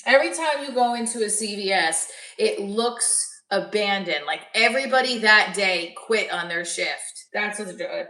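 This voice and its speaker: A woman's voice: medium pitch, expressive, moderate pace, few pauses, pushed and bright. A woman comedian chatting casually on a livestream, rambling and interrupting herself as she works out jokes. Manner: rambling, self-interrupting, jokey. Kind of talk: casual chat with live chat. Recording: echoey room, voice a bit far from mic.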